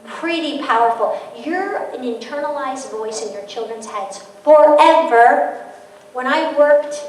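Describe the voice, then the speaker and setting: A middle-aged woman gives an animated parenting talk, slipping into quoted voices and stories. Her voice sits a little high and sounds a bit distant, carried by a long, echoing hall reverb with faint room noise behind it. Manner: storytelling with quoted voices and laughter. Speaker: guest speaker on parenting. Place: large hall.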